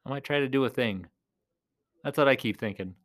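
A man's voice: mid-range voice, brisk, fairly bright tone. A man chatting casually to his viewers while playing a rock video game, joking, self-deprecating and drifting between topics. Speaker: video creator.

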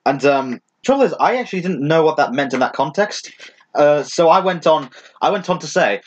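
A man's voice: fairly high pitch, lively intonation, brisk, husky. Hesitant young male podcast guest. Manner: hesitant, many "uh" fillers, swears casually. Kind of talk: casual podcast chat.

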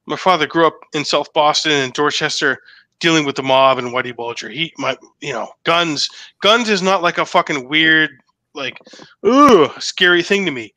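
Animated man, slightly high voice, bright and edgy, swears a lot. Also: normal speed, no room sound. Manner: excited, profane, repeats himself. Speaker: guest telling a story. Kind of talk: casual podcast chat.

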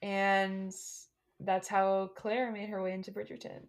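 A woman's voice: medium pitch, flat delivery, measured pace. Playful woman spinning a story. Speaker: podcast co-host. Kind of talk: casual chat.

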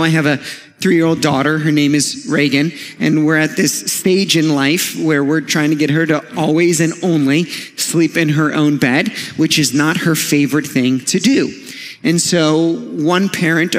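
A man in his thirties delivers a sermon, talking to the congregation in a relaxed, storytelling way with touches of humor. His voice sits somewhat high for a man, and it rings out with the long reverb of a church hall. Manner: conversational, storytelling with light humor. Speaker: pastor. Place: church sanctuary.

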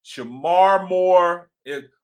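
A man with a deep voice, loud and passionate, casually chatting as co-host of a livestream from his home. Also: extremely slow.

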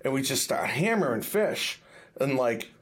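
A man's voice: medium pitch, sing-song, measured pace. A man with a New England accent hosting a fishing podcast, telling stories with blunt, swearing energy. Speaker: podcast host. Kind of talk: casual podcast chat.

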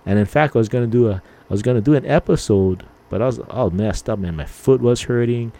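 A man in his fifties hosts a podcast, chatting casually and rambling, with mild swearing and plenty of filler words. His mid-range voice is mellow and fairly quick.

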